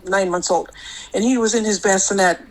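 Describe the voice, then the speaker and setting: A middle-aged woman guest telling a personal experience on a podcast, rambling, restarting often, and jumping higher when she quotes others. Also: fairly even intonation, brisk, low-quality recording. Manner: rambling, full of restarts, jumps high when quoting others.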